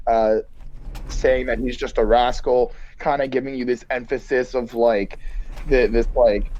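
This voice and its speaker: A man co-hosting a podcast, talking casually about an album in a relaxed, hesitant way with many restarts. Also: medium pitch, highs cut off. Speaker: podcast co-host. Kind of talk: casual album review chat.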